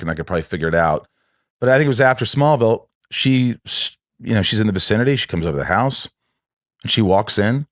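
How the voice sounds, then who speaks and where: A man's voice: mid-range voice, fairly bright tone, no echo. A man tells a personal story in loose, casual talk. He rambles, stops short and starts his sentences over. The sound is close and dry, with no room around it. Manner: rambling, halting, with many restarts.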